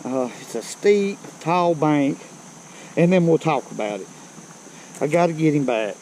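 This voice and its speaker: Winded older man, slow folksy drawl. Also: on the high side, lively intonation, a little mellow, a little hiss or hum, low-quality recording. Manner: folksy, chatty, talks straight to viewers. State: out of breath. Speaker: fishing vlogger. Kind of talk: casual outdoor vlog. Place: outdoors on a creek bank. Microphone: body-worn camera.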